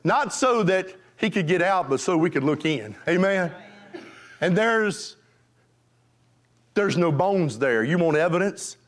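A male pastor preaching a revival sermon, fervent, jumping from shouts to hushed pleading, with folksy call and response to the congregation. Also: high-pitched, animated, unhurried, long pauses.

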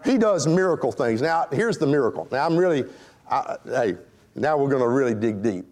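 A man's voice: medium pitch, expressive, normal speed, a little mellow. A man preaching a sermon to his congregation, emphatic and rhetorical, addressing them directly. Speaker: pastor.

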